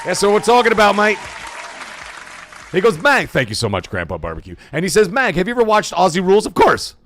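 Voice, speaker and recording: Hyped livestream host. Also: male voice, sits high, fairly quick, some chatter behind, a little hiss or hum. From Canada. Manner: energetic, hyped, reads chat messages aloud. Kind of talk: casual livestream chat.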